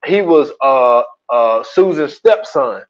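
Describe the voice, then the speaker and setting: A man's voice: medium pitch, lively intonation, slow pace, lo-fi sound. A man co-hosting a podcast in casual chat, retelling a documentary in a rambling, slangy way with many restarts. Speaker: podcast co-host.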